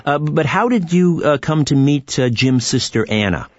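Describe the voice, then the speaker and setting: A man hosting a talk show, interviewing a guest in a halting way with many fillers and restarts. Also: fairly high pitch, animated, no echo, muffled recording. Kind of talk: radio interview.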